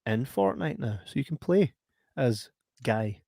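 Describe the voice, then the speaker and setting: A man with a Scottish accent co-hosting a podcast in casual chat, playful and quick to laugh. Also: medium pitch, gravelly, no echo, studio quality. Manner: playful, laughs often, lively banter. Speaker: podcast co-host.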